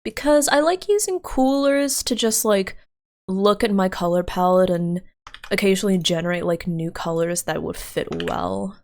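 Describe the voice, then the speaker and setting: A woman's voice: mid-range voice, normal speed, a little mellow. A woman streamer chatting casually and thinking aloud as she works, with frequent giggles and fillers. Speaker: livestreamer. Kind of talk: casual livestream chat.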